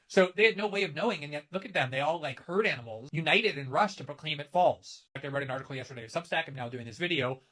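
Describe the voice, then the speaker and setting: A man's voice: mid-range voice, bright, forceful tone. A man delivering an emphatic, sharply critical political commentary to camera. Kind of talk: scripted commentary video.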